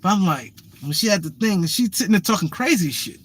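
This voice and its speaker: A man spins a loose, profane story in casual chat. His voice sits fairly high for a man. He keeps restarting sentences and tossing in "you know what I'm saying.". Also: animated, fast, hardly any pauses, a bit bright, breathy edge.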